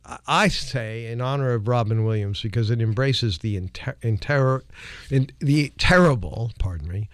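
A man's voice: medium pitch, normal speed, dry recording. A man hosting a call-in radio show who laughs easily and talks with many hesitant fillers. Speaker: radio talk show host.

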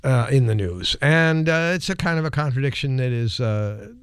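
A man's voice: mid-range voice, animated, normal speed, clear, resonant tone, no echo. A man hosting a call-in radio show who laughs easily and talks with many hesitant fillers. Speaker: radio talk show host.

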